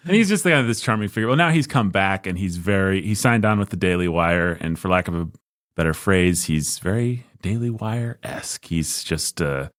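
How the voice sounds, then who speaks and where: A low-voiced man talks through a relaxed podcast conversation, wandering through his points with jokes and restarts. The sound is close and dry, with no room sound. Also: normal speed, dry recording. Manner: rambling, self-interrupting, jokey. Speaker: podcast co-host. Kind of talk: casual podcast chat.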